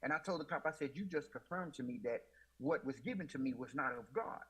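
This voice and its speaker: Husky-voiced man giving an emotional testimony. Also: fairly high pitch, fast talker, a bit bright, rough recording. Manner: emotional, repeats "I said", Southern US Black church speech. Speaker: guest. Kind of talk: testimony storytelling.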